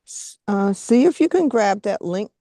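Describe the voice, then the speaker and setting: Slow, gentle woman leading a group call. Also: medium pitch, animated, no echo. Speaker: group facilitator. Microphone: video call.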